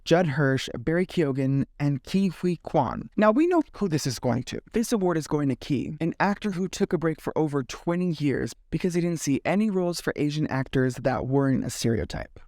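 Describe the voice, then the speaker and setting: A sassy man with a fairly high voice talks through movie news in a casual vlog, animated and quick to swear. The sound is dry and close, with no room around it. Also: dry recording. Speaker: film commentary host. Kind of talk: casual scripted vlog commentary.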